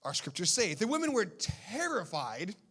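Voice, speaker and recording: A male pastor preaching a sermon in a playful, animated storytelling manner. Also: high-pitched, moderate pace, slightly rough.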